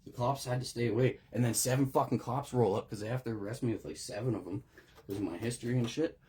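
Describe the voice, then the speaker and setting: A man's voice: medium pitch, quick pace, warm tone, husky. A man in an unscripted recovery monologue, talking in a raw, profane, rambling way with many restarts, emotional and close to tears. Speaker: recovery video host.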